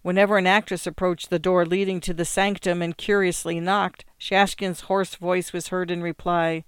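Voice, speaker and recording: A narrator reading a classic short story aloud in a measured, expressive manner. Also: mid-range voice, smooth, dry recording.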